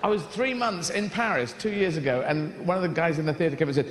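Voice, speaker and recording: A male comedian with a slightly high voice, telling rambling stories on stage. He keeps jumping into silly voices and swears freely. A steady layer of background noise runs under the live recording. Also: fast talker. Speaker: stand-up comedian. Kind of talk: stand-up comedy routine.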